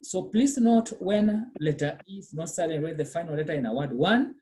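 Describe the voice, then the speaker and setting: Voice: medium pitch, lively intonation, moderate pace, a little mellow. A language teacher giving a pronunciation lesson, quizzing the class, repeating words patiently and checking in with "okay?" and "eh?".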